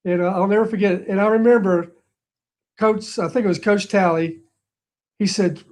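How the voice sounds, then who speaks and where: A man's voice: high voice, fairly even intonation, normal speed, darkish tone. An older man, the inductee, reminiscing in a chatty way during his acceptance speech. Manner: chatty, reminiscing, laughs at himself.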